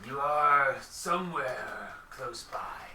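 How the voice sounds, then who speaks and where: A game master voicing a menacing male orc rider in low, breathy, half-whispered taunts. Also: animated, takes it slowly, background noise. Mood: taunting. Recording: roomy, distant mic.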